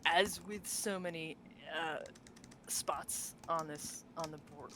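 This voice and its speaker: A woman's voice: low-pitched, steady tone, slow pace, fairly bright tone, slight background noise, rough recording. Chatty woman with lots of um's. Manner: chatty, laughs often, many fillers and restarts. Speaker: podcast co-host. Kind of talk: casual chat about tabletop game lore.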